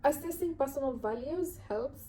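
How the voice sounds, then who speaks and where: A woman's voice: sits high, animated, moderate pace, warm tone, slight background noise, low-quality recording. A woman with an African accent, talking casually to camera about self-growth in an earnest, reflective way, often restarting and repeating words. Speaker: vlogger.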